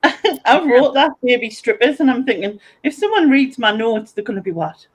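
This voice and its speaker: A woman's voice: fairly high pitch, animated, moderate pace, slight background noise, low-quality recording. A woman hosting a casual stream, giggling as she reads out viewer comments and chats. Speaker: host.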